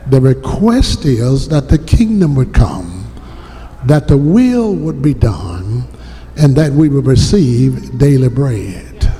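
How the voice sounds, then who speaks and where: A male pastor delivering a sermon in a slow, deliberate preaching cadence and calling out to his congregation. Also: mid-range voice, warm tone, big-room sound, a little hiss or hum. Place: church sanctuary.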